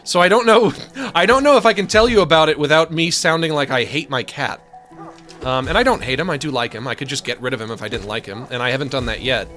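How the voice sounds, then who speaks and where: A somewhat high-voiced man in his thirties streaming from home, chatting to his audience in a dry, sardonic way. His rants swing into exasperated outbursts, with faint game music playing behind him. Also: fast, sharp tone. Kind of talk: casual live-stream chat while gaming.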